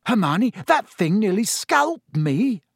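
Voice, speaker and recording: Narrator as teen boy wizard, complaining, pitched well up, sarcastic. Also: sing-song, slow, vocal fry, slightly rough, no room sound, clean studio sound, heavily acted. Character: anxious, grumbling teenage boy wizard.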